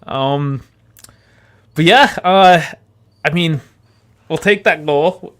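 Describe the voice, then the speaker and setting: A young man with a fairly high voice chats about football on a podcast. He wanders through anecdotes and breaks into laughter often. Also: extremely slow, a bit bright. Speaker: podcast co-host. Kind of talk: casual football chat.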